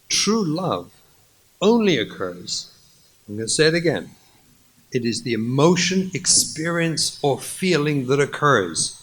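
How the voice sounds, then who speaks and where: Animated rabbi acting out a story. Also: male voice, mid-range voice, rough recording. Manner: animated, repeats key points. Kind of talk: lecture with acted stories.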